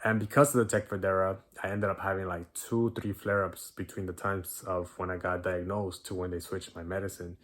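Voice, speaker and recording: A young man in his twenties recounts a personal story to camera in a casual, slangy way. He acts out other people's lines as he goes. His voice sits a little low. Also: fairly quick, few pauses. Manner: animated retelling with slang and quoted dialogue. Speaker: vlogger.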